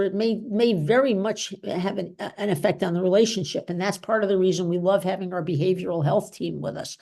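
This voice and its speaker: Woman doctor presenting, chatty and informal, lowish gravelly voice. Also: warm tone. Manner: chatty, frequent "okay?" and "you know" tags. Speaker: physician presenter. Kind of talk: informal medical talk with Q&A.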